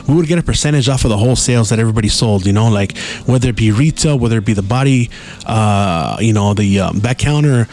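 A man spins a loose, casual story for his podcast. He swears freely and drops Spanish slang into his sentences. His voice sits at an ordinary middle pitch. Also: darkish tone. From Mexican-American. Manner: profane, slangy, mixes in Spanish words. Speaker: podcast host.

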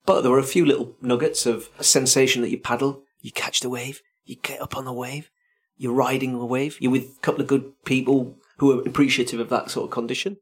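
A man's voice: mid-range voice, little pitch movement, fairly quick. A man co-hosting a podcast in casual chat, telling stories with self-mocking humour. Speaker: podcast co-host.

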